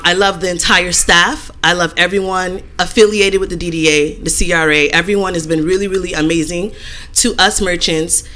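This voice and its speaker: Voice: medium pitch, pushed and bright. A local merchant giving a heartfelt public comment at a city meeting, speaking hesitantly with many fillers.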